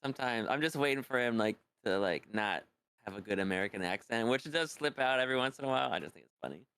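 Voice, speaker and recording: A man's voice: medium pitch, expressive, fast, bright, forceful tone, clean tone, no echo. A man co-hosting a podcast, chatting casually in a hesitant way, with lots of fillers. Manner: hesitant, filler-heavy, giggly. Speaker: podcast co-host. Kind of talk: casual chat.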